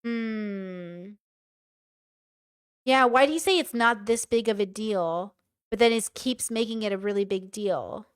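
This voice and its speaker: A woman's voice: fairly high pitch, moderate pace, smooth, no echo, studio quality. A young woman reading a couple's messages aloud and giving her blunt, casual commentary on them. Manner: reads messages aloud and comments frankly, swearing. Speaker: commentary streamer.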